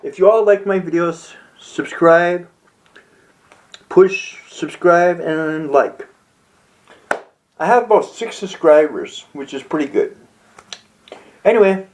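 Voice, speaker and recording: A young man rambles through a homemade comedy story, tripping over and repeating his words. His voice sits a little high, and he chuckles at his own punchlines. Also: darkish tone, slight background noise, rough recording. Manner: halting, repeats words, laughs at own jokes. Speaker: amateur comedy vlogger.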